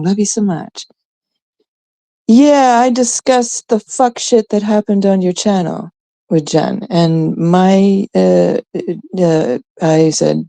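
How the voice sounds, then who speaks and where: Sarcastic woman streamer ranting, gravelly low voice, slow and swearing a lot. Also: steady tone, dark tone, no echo. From Canada. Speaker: livestream host. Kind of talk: casual livestream chat.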